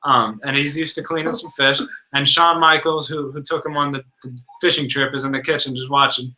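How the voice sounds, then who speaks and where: Bright-voiced young man telling stories. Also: mid-range voice, fairly even intonation, fairly quick, low-quality recording. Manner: rambling storyteller, lots of filler words. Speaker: podcast co-host. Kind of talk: casual chat.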